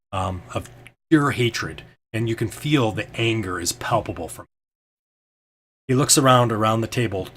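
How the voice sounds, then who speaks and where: A man's voice: fairly low pitch, a bit bright, a little hiss or hum. A man as game master, narrating a tabletop game in a hesitant way with many ums and restarts.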